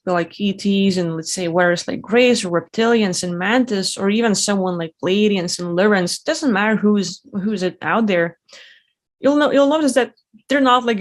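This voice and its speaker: Female non-native English speaker, reaction host, loose rambling delivery, average pitch. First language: not English. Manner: rambling, many fillers and restarts. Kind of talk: casual commentary.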